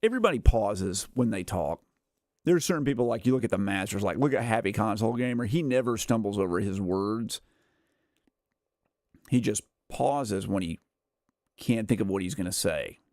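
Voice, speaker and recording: Here a gaming streamer in his thirties rambles casually on a livestream, dropping "like" and "uh" constantly and chuckling throughout. He speaks at a normal pace with a fairly low, slightly mellow voice and lively intonation, in a dry, clean studio recording.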